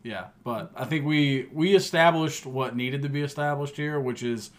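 A man's voice: mid-range voice, normal speed. A man from the United States co-hosting a sports podcast in a laid-back, joking way of casual chat. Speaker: podcast co-host.

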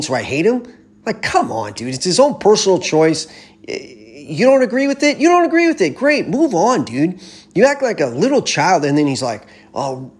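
A man holds forth in a loose, rambling sports rant, blunt and heavy on swearing. His voice sits a little high with a husky, breathy grain. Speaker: baseball fan commentator.

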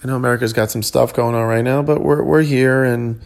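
Tired, gravelly-voiced comedian rambling. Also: male voice, medium pitch, fairly even intonation, a little fast. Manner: rambling, many ums and restarts. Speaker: comedian podcast host. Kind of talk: casual solo chat.

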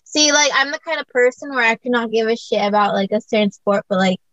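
A woman's voice: a little high, fast talker, fairly bright tone, no room sound, dull audio. A young woman from the US chatting casually about sport, rambling with many fillers. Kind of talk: casual chat.

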